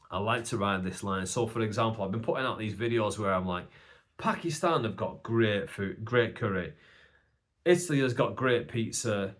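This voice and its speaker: A young man talking casually on his own podcast, animated and jokey, often putting on raised mocking voices when he quotes other people. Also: medium pitch. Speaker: podcast host and stand-up comedian. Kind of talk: casual solo podcast monologue.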